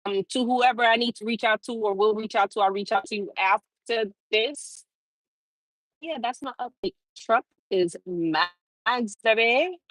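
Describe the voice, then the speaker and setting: A woman's voice: on the high side, a little slow, a bit bright, no echo, low-quality recording. Profane laid-back woman chatting on stream. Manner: loose, profane, laughing, talks back to chat. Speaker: trucker livestream host. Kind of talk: casual livestream chat.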